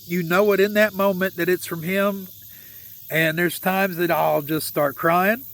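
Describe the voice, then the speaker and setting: A man's voice: high voice, steady tone, measured pace, vocal fry, a bit bright. A man telling a personal faith story in an earnest, heartfelt and emotional way. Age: adult with a young son. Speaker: vlogger sharing a faith testimony.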